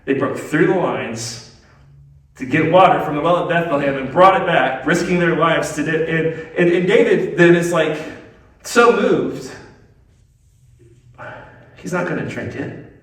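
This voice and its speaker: A man's voice: fairly high pitch, measured pace, pauses often. Pastor guy preaching, big echoey hall, sounds a bit far from the mic. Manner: dynamic preaching, swings between loud emphasis and hushed lines. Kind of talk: sermon. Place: church sanctuary.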